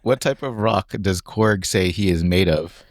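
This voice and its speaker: A man with a very low voice co-hosts a relaxed podcast. He reads quiz questions in an unhurried, plain way. The sound is dry and close. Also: no echo. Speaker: podcast co-host. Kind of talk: casual chat, reading quiz questions.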